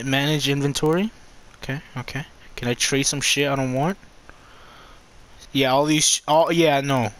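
A man commenting on his own gameplay, swearing a lot and swinging between loud outbursts and low muttering. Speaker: gamer.

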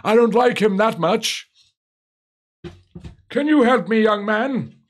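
English dude doing a silly old grandpa voice, slow, wobbly, kinda high. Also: male voice, animated, exaggerated voice. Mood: cheeky. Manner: raised, slow, wavering old-man voice.

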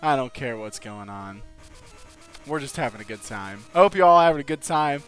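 A young man hosts a video game let's play with loose, chatty commentary. His voice is bright and his pitch swings widely as he talks. Faint music plays behind him. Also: lively intonation, moderate pace, clean tone. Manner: giddy, laughing, swearing. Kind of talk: gameplay commentary.

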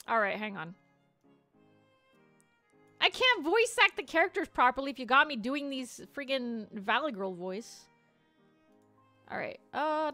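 A bubbly woman streamer chats with her viewers as she plays, her voice high and bright over faint game music in the background. Her speech rambles, stuffed with "like" and filler words, and she thanks people often. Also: big pitch swings, a little slow, long pauses, no room sound. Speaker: VTuber streamer playing a game. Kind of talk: casual gameplay chat with viewers.

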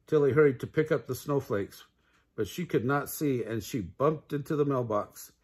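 A man's voice: mid-range voice, normal speed, darkish tone, slightly rough. An older man reading a children's storybook aloud, adding sound effects.

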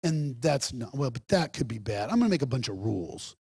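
A preacher putting on a fussy, dithering God. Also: male voice, mid-range voice, very animated, brisk, darkish tone, slightly rough, dry recording, studio quality, pitched below the performer's own voice. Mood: musing. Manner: hesitant, musing, mock-pondering. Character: fussy, hesitant God inventing rules.

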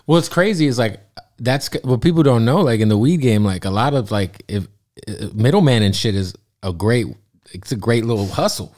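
A man hosts a relaxed interview, eager and pushy in a friendly way. His pitch rises and falls a lot. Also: normal speed. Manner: eager, pushing for stories. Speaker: podcast host. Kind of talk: casual interview.

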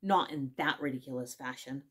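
A woman's voice: extremely low pitch, husky, pitched below the performer's own voice. A woman doing a sulky, sleepy dormouse. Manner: sulky, complaining, slow.

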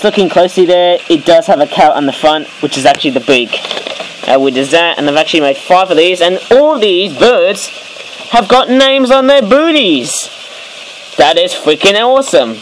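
Man, casual toy review vlog, fairly high voice, rambling, faint room noise. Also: low-quality recording. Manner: rambling, many fillers, excited outbursts. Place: indoors at home, late at night.

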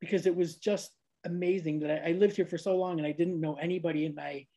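A woman's voice: on the low side, fairly even intonation, fast, mellow, lo-fi sound. Chatty woman host, laughs often. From Niagara Falls, New York, USA. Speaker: podcast host. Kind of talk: casual interview chat. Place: lives abroad, recorded at home with cats.

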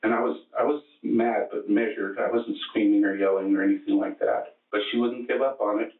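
A man being questioned as a suspect, recounting events in a halting, matter-of-fact way with many restarts. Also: fairly low pitch, steady tone. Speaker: murder suspect under questioning. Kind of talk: interrogation testimony. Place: police interrogation room. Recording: echoey, distant, tinny archive recording.

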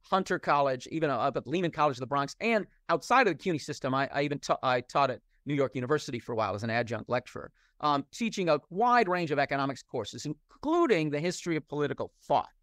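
A man's voice: a little high, animated, fast, hardly any pauses, a bit bright, no room sound, studio quality. A middle-aged man from the United States, a professor answering interview questions in a discursive, candid way and often restarting his sentences.

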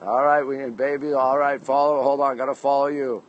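A chatty man hosting a livestream outdoors on a rooftop at night, speaking into a phone held at arm's length. He greets one viewer after another by the name of their town or country and answers their comments in a friendly, upbeat way. His voice sits at an ordinary middle pitch for a man. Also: little pitch movement, brisk, dull audio, a little hiss or hum. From Canada. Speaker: livestream host.

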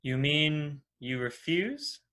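A man's voice: a little high, expressive, takes it slowly, sharp tone, heavily acted. An actor playing a formal, persuasive male messiah and cult leader in an audio drama. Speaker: antagonist.

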